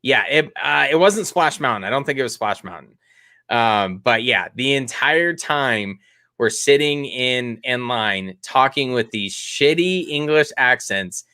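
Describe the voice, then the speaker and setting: A middle-aged man tells a rambling, self-mocking story to his podcast co-host and laughs along the way. His voice has a bright, forward tone. The sound is dry and close, with no room around it. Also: medium pitch, animated, unhurried, no room sound. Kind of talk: casual storytelling.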